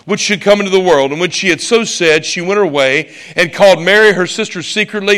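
A male preacher delivering a sermon, emphatic and swinging from loud exclamations to hushed asides. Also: high-pitched.

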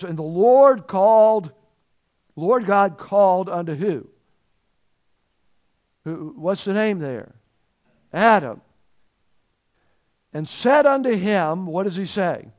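A man preaching a sermon to a congregation, swinging between loud emphasis and quiet asides and asking questions of the people. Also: sits high, expressive, a little slow, pauses often. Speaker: pastor.

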